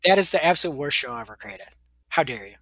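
A man's voice: fairly high pitch, fast, husky, no room sound. A man co-hosting a podcast, chatting casually and telling jokey stories. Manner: joking, animated storytelling. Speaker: podcast co-host. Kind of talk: casual chat.

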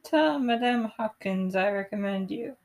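Woman reading a nice ballet teacher guy, firm and proud of his student, slow. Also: mid-range voice, a little mellow, lightly acted, low-quality recording. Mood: firm, praising. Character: kindly male ballet instructor, encouraging.

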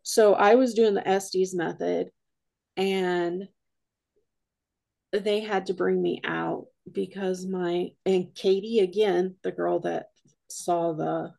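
A woman's voice: on the low side, steady tone, slow, creaky, dark tone. A woman guest on a podcast, a paranormal investigator, telling a rambling story full of quoted dialogue in a casual way.

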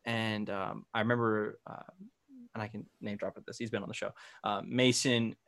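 A man's voice: fairly low pitch, flat delivery, moderate pace, gravelly, fairly bright tone. A young man hosting a podcast, telling a rambling story in casual chat, full of fillers and swearing. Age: young adult. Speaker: podcast host.

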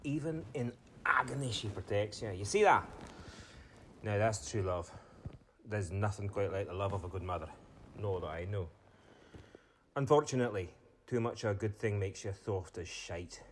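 A man's voice: on the low side, moderate pace, fairly bright tone, a little hiss or hum, lightly acted. An actor playing a cruel, taunting father who menaces his young son. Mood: menacing. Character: cruel bullying father, middle-aged man.

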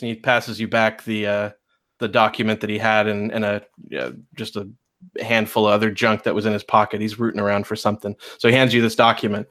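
A man's voice: lowish voice, a bit bright. Casual male game master narrating. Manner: casual, storytelling, frequent self-corrections. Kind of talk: narrating a tabletop western game.

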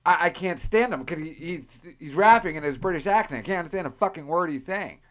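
Talking fast in a slightly high, expressive, a-bit-bright voice, an American man hosts a crude, casual podcast. He rambles and swears, often dropping into mock accents as he tells stories.

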